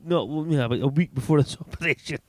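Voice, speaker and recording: A man's voice: fairly high pitch, racing, crowd noise. A man co-hosting a podcast, telling an embarrassing story about himself in a sheepish, self-mocking way and laughing as he goes. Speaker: podcast co-host. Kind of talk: comedic personal anecdote.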